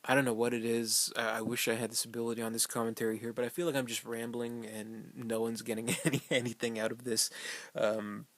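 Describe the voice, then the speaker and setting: A man's voice: medium pitch, level tone, a little fast, a bit bright, no room sound. A man giving a casual, rambling fan commentary on a film, loose and profane, full of fillers and small chuckles.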